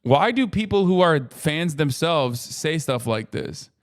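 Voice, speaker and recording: Streamer man, thirties, slightly higher voice, swears freely and rambles with sarcasm. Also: very animated, unhurried. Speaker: streamer reacting to a video. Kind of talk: casual livestream reaction talk.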